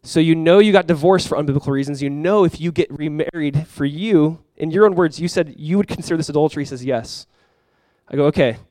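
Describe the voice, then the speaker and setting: A man's voice: fairly high pitch, fast, few pauses, a little mellow, no echo, low-quality recording. A male pastor preaching a sermon, telling a story conversationally and now and then rising into sudden emphasis.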